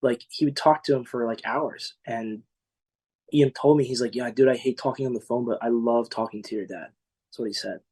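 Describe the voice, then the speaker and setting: A man in his mid-twenties, a podcast guest, talking in a casual, halting way with many fillers and restarts, earnest and emotional. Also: mid-range voice, a little mellow, slightly rough. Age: 20s. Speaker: podcast guest, former singing contestant. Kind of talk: emotional interview recollection.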